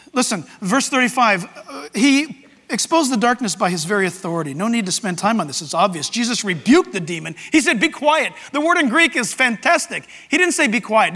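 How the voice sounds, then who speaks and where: A pastor with a high, bright, forceful voice delivers a sermon to his church. He is animated and breaks into sudden shouts to act out the scripture. His voice rings with the long reverb of a large sanctuary.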